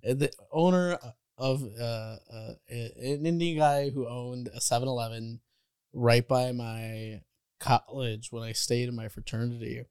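A young man from Chicago co-hosting a comedy podcast, laid-back and quick to laugh. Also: mid-range voice, steady tone, a little mellow, clean tone, dry recording, studio quality. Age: young adult. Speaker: podcast co-host. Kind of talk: casual comedic banter.

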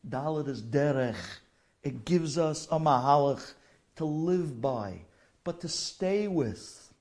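A man tells an emotional personal story, slow and gravelly, often dropping to a whisper. His pitch swings widely as he rises to make a point. He peppers his speech with Yiddish and Hebrew terms. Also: animated, a little mellow. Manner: emotional, halting, drops to whispers.

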